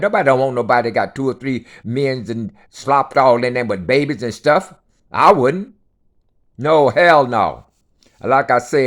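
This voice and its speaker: A man's voice: on the high side, a bit bright. A man delivering an unscripted rant, blunt and profane, lecturing his listeners and hammering each point home with repetition.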